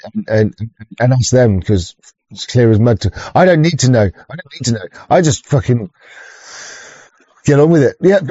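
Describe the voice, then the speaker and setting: Mellow sweary man streaming. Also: medium pitch, no echo, dull audio. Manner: sweary, stop-start, chuckling, greets chatters. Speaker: livestream host. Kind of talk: rambling casual livestream chat.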